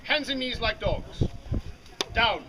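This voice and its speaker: High-voiced man teasing a crowd. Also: lively intonation, slow pace, heavy background noise. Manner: bantering, teasing crowd work. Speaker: street performer. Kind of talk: outdoor comedy show with audience volunteers. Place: outdoor fair stage. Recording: loud crowd outdoors. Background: large crowd.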